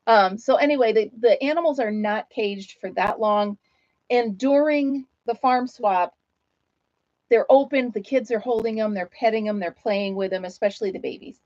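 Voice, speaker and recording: A woman's voice: fairly high pitch, moderate pace, darkish tone, dry recording, muffled recording. A woman hosting a casual live-stream chat, talking in a chatty, self-deprecating way and laughing often.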